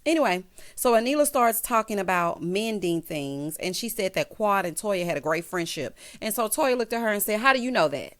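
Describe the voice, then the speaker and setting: A woman's voice: mid-range voice, animated, normal speed. Sassy chatty woman vlogger. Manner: sassy, chatty, talks straight to the cast. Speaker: recap vlogger. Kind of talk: casual reality-TV recap.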